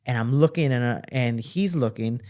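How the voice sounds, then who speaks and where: Animated male fighter telling a story. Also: mid-range voice, normal speed. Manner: animated, acts out voices in quoted dialogue. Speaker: guest, professional fighter. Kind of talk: casual storytelling.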